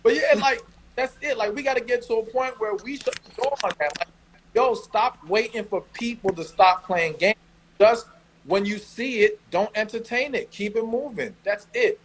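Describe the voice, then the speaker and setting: New York man, high voice; co-host giving blunt, emphatic relationship advice. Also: normal speed, fairly bright tone, slight background noise, rough recording. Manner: blunt, emphatic, street slang. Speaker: podcast co-host. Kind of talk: casual advice chat.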